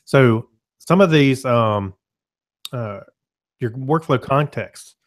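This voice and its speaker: A man casually presenting a software demo on a web call, explaining in a loose, self-correcting way and often clearing his throat. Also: mid-range voice, takes it slowly.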